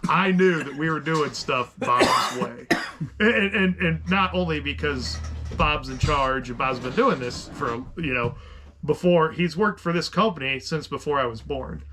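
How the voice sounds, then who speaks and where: A middle-aged man co-hosts a podcast, telling a story in casual chat that's animated and rambling, full of restarts and asides. His voice is fairly high and measured in pace.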